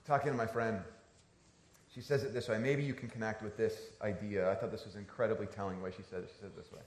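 A man's voice: fairly low pitch, steady tone, fast talker, reverberant. A man in his thirties, a pastor giving a conversational, storytelling sermon.

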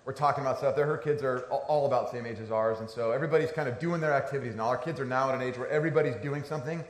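A man's voice: mid-range voice, reverberant. A man in his thirties, a pastor giving a conversational, storytelling sermon.

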